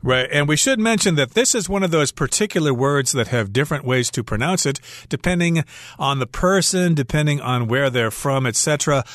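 A man's voice: on the high side, lively intonation, a little fast, fairly bright tone, dry recording, studio quality. A man co-hosting an English lesson on the radio, explaining phrases with everyday examples. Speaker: English teacher co-host.

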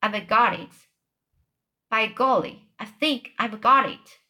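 Bold excited little girl in a storybook, woman reading, slow bright voice. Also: medium pitch. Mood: eager. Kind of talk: reading a children's book aloud.

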